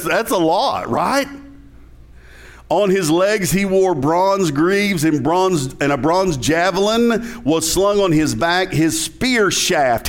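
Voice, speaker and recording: A male pastor with a Southern US accent preaching a sermon in a conversational style, asking the congregation questions. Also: fairly high pitch.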